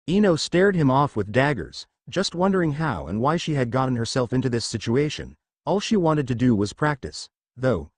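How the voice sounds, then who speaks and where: A man reading fan fiction aloud as the narrator, in a steady storytelling manner. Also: medium pitch, dry recording.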